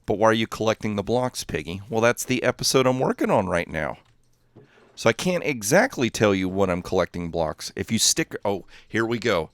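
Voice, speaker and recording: Man, gaming livestreamer, low voice with a lively, bouncy delivery; rambly, distracted, chuckles at himself; dry close mic. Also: moderate pace, dry recording. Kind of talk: casual livestream chat while playing.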